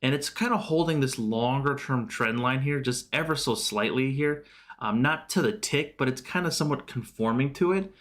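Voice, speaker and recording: A man's voice: medium pitch, moderate pace, fairly bright tone. A man hosting a casual live stream about stocks, loose and chatty with lots of fillers, answering viewers' questions. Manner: loose and chatty, many fillers and self-corrections. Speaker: livestream host.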